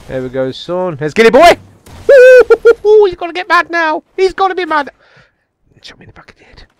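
A man giving live gameplay commentary, excitable and taunting his opponents, dropping to mutters and jumping to yelps. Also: medium pitch, creaky, clean tone. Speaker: gamer.

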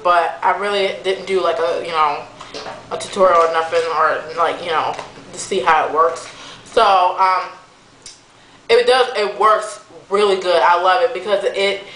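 A woman's voice: mid-range voice, a bit bright, roomy sound, a little hiss or hum, low-quality recording. A young woman venting to camera in a casual vlog, chatty and exasperated, with lots of fillers. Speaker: vlogger. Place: room at home.

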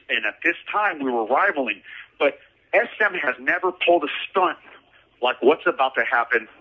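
A man's voice: mid-range voice, breathy edge, dull audio. A man telling a story about his own past in a casual, slangy way, often repeating phrases for emphasis.

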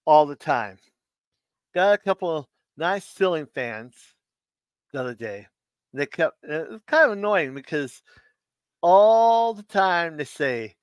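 A man hosting a live stream, reading out dad jokes in a relaxed, easygoing way and laughing at his own punchlines. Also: on the high side, slow pace, clean tone, dry recording. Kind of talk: casual live stream joke telling.

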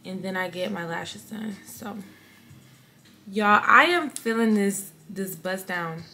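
A young woman talks casually to her vlog viewers. Her chatter is tired and rambling, a stream of small updates at an everyday pitch. Faint clicks can be heard behind her. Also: takes it slowly, pushed and bright, slight background noise. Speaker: vlogger.

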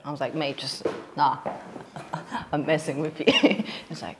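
A woman co-hosting a casual podcast chat, sarcastic and deadpan, laughing often between stories. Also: low voice, takes it slowly, long pauses, a little hiss or hum. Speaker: co-host.

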